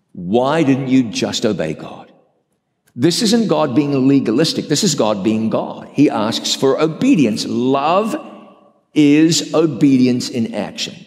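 A man pastor preaching an emphatic, dramatic sermon and acting out quotes. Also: mid-range voice. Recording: reverberant hall.

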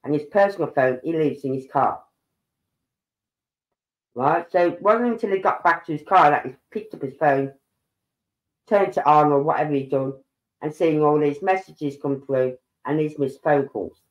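A woman's voice: sits low, normal speed, highs cut off. Indignant woman streamer in an echoey room. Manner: indignant, opinionated, talks straight to viewers. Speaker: true-crime live streamer. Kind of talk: casual live commentary.

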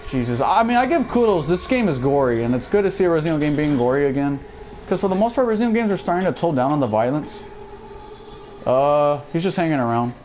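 A man's voice: a little high, lively intonation, quick pace, a little mellow, a little hiss or hum. Jumpy young man narrating a horror game. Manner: jumpy, exclaims and chatters to viewers while playing. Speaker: gaming YouTuber. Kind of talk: let's play commentary.

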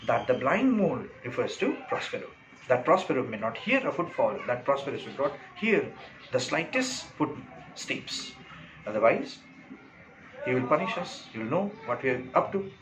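A male teacher in a noisy room who reads a play's lines aloud and then talks them through. His pitch rises and falls a lot, and he fills his explanations with many pauses and fillers. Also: sing-song. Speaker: English teacher. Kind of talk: classroom explanation of a play.

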